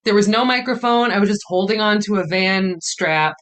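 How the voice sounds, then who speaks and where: A woman's voice: mid-range voice, moderate pace, a bit bright. A woman comedian, a podcast guest, telling a story in a casual, rambling way full of "like". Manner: rambling, many "like" fillers.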